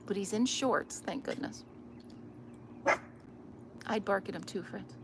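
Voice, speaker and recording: A woman's voice: mid-range voice, slow. A woman chatting casually outdoors by a river into a phone, amused and often dropping to a near whisper. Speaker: vlogger. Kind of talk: casual chat. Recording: outdoor recording with loud river noise. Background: flowing river.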